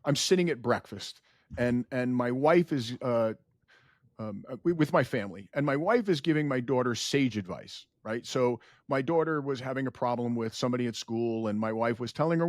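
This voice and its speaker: A man in his forties, a company founder telling stories as a podcast guest in an earnest, animated way. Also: moderate pace, no echo, clean studio sound. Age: 40s. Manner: earnest, animated storyteller, rises in pitch when emotional. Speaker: guest, data center founder. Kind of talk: podcast interview storytelling.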